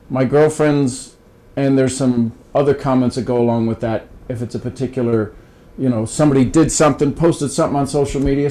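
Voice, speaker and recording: A man's voice: mid-range voice, a little mellow, rough recording. Folksy older man giving advice. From Ohio. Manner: folksy, restarts and repeats words, coaching tone. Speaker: podcast guest. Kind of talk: casual advice-giving conversation.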